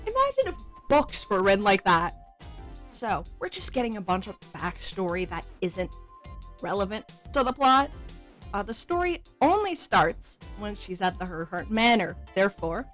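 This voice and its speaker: A woman giving sarcastic, exasperated commentary while reviewing a webcomic, with frequent swearing. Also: medium pitch. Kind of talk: casual commentary reading.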